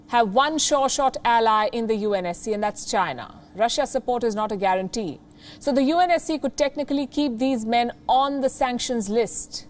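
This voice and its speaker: A woman's voice: fairly high pitch, a little hiss or hum. Woman in her 30s, Indian English accent, news anchor, scripted commentary with a pointed, rhetorical edge.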